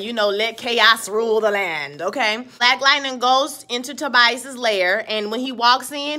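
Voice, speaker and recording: A woman's voice: fairly high pitch, sharp tone. A woman giving a sassy, slangy, casual recap of a TV episode, talking straight to her viewers.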